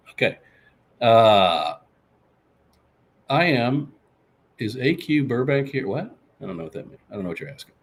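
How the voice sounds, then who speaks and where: A podcast host runs a casual live show, reading and answering viewer comments and boasting about himself in the third person. His mid-range voice is very animated but measured, with long pauses. A little hiss or hum is audible.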